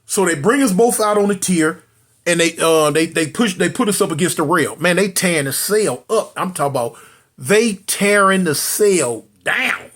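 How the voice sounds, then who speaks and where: A man telling a casual story about prison life, animated, repeating phrases and acting out what people said. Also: high voice, moderate pace.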